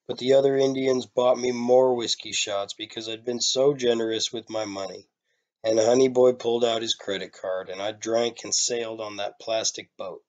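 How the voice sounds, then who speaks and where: A man reading a short story aloud, in a plain, low-key way, giving the characters' lines some life. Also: a little mellow, highs cut off. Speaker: reader.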